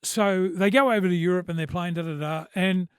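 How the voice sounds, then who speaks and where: Middle-aged man, Australian accent, animated blokey storyteller, slightly high voice, dry close mic. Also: brisk, clean tone, dry recording. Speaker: podcast guest. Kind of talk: casual storytelling chat.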